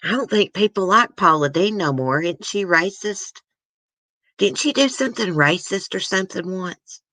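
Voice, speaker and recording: Medium-pitched and expressive, the woman talks at normal speed with a pushed, bright tone and no room sound. She hosts an emotional, chatty reaction to news clips, speaking right to her audience.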